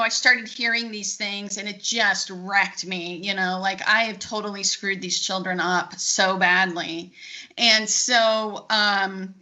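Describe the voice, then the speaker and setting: A woman in her forties with a bright, forceful voice tells her family stories in a candid interview. She acts out the dialogue with lively restarts, and the audio is muffled and lo-fi. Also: mid-range voice. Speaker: guest, forensic accountant.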